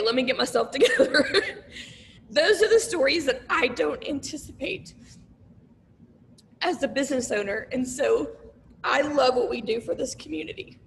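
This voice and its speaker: A middle-aged woman who owns a small business, telling stories in a casual, animated interview and acting out the voices of people she quotes. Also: fairly high pitch, long reverb tail, slight background noise. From Oklahoma. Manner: animated, acts out quoted voices, tearful at times.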